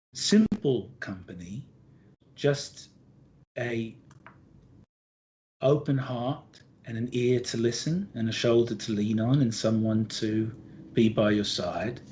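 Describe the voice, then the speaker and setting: A man voicing Gardy, a soft-spoken, doting host who talks low and hushed, in a lo-fi recording with faint music. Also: slight background noise. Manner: low, hushed, crooning delivery.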